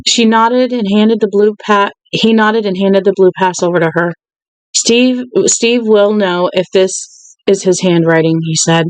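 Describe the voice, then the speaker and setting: A woman reading a novel aloud in a plain, unhurried way, then chatting casually and warmly with her listeners at home. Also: medium pitch, dry recording, rough recording. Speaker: audiobook reader.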